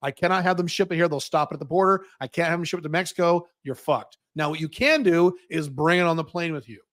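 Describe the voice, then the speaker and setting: Blunt, high-voiced man host. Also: fast, fairly bright tone. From United States. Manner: blunt, profane, opinionated. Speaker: host answering viewer questions. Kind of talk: livestream Q&A.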